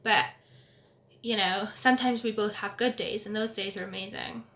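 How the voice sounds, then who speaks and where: A woman's voice: mid-range voice, fairly even intonation, normal speed, pushed and bright. A young woman vlogging, telling stories in a chatty, giggly way. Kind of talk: casual chat. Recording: echoey room.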